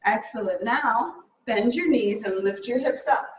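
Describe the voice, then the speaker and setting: A woman teaching a live yoga class, cueing poses in a brisk, upbeat way and a little out of breath. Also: fairly high pitch, lo-fi sound. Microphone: camera mic at a distance. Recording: echoey room, from far off.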